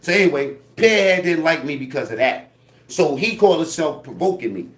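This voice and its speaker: Speaking a little fast in a fairly high voice, this man recounts a prison story in an echoey room. His telling is loose and foul-mouthed, full of acted-out sounds and voices, with "you know what I mean" and other fillers sprinkled throughout.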